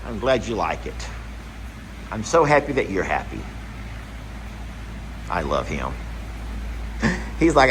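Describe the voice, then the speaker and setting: Man, low voice, lively pitch, casual horse vlog, affectionate, barn. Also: slow, long pauses, slight background noise, poor audio. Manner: affectionate, chatty, talks to the animals. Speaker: horse rescue owner. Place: barn stalls.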